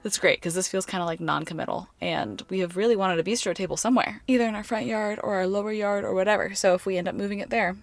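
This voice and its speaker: Talking fast with few pauses in a mid-range voice, a twenties-aged vlogger with a light Southern American accent spins stories casually. Her manner is animated and chatty, with plenty of "like."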